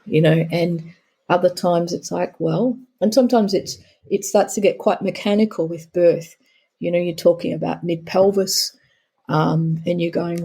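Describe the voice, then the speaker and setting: A woman's voice: on the low side, steady tone, normal speed, gravelly, dark tone, breathy edge. A middle-aged woman, a guest on a podcast interview, telling stories about her work and acting out her talks with clients. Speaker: guest, pelvic therapist.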